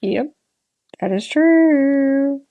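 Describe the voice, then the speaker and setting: A woman's voice: sits high, expressive, very slow, no room sound, phone-quality sound. A woman with a Southern US accent co-hosting a podcast, agreeable and dry in casual episode talk. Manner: agreeable, short affirmations, dry remarks. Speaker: podcast co-host. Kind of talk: casual chat recapping a TV episode.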